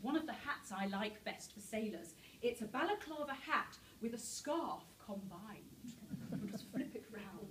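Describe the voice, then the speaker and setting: A woman's voice: on the high side, animated, a little slow, a bit bright, slight background noise. Chatty woman lecturing in an echoey hall. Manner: chatty, humorous, addresses the audience directly. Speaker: public speaker on women's history. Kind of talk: lively lecture to a live audience. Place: public library hall. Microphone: far from the speaker. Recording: roomy hall, heard from far off.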